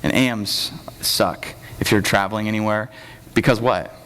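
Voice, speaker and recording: A young man giving a sermon as pastor, talking casually and joking, acting out quotes in lively voices. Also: fairly low pitch, normal speed, background noise. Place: church hall. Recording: long hall reverb.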